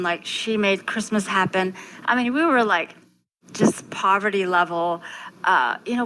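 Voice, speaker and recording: A woman's voice: on the low side, sharp tone, slight background noise, rough recording. A middle-aged woman from the Navajo Nation, a guest talking earnestly and from the heart, with many fillers. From Navajo Nation, southwestern US. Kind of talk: candid conversational interview.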